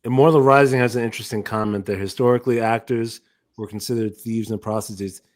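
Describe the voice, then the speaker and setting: A man's voice: mid-range voice, steady tone, fast. A man co-hosting a casual podcast, blunt and profane, reading out viewer comments. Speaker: podcast co-host. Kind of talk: casual chat.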